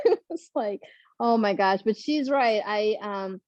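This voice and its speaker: Woman panelist, animated storyteller, dry muffled sound, mid pitch. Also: slow, no room sound. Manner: animated, laughing, acts out quotes. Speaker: panelist, first-time marathoner.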